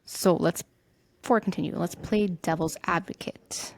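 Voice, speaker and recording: A woman's voice: fairly low pitch, fairly even intonation, normal speed, a little hiss or hum. A young woman hosting a podcast, telling a true-crime story in a loose, conversational way and swearing casually. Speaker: podcast host.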